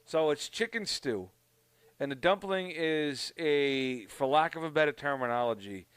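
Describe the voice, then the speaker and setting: A man from Canada telling a story in casual chat on a podcast, profane and animated. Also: fairly high pitch, unhurried, clean tone, no room sound. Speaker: podcast co-host.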